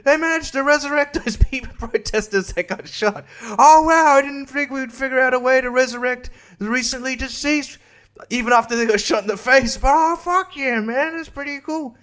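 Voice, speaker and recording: A man voicing a giddy, gushing ordinary man in a high, squealing put-on voice, with sarcastic mock enthusiasm and swearing. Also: normal speed, fairly bright tone.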